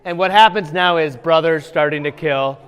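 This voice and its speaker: A man teaching a children's church class, quizzing the kids with quick questions as he retells a Bible story. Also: a little high, a bit bright, clean tone. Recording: long hall reverb.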